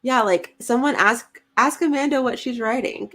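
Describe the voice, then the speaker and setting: A woman's voice: on the high side, normal speed, sharp tone. A woman, co-hosting a casual livestream, chatty and giggly as she reads comments aloud. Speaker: podcast co-host reading live chat.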